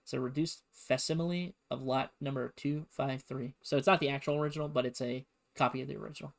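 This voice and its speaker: A man's voice: mid-range voice, fairly even intonation, fast talker, vocal fry. A man giving a casual streamed history lesson, talking in a conversational, digressive way.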